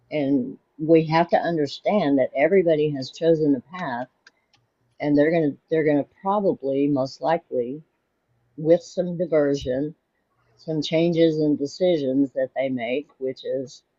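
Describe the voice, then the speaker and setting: A middle-aged woman talking in an unhurried, reflective way in a spiritual chat. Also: sits low, no room sound, dull audio.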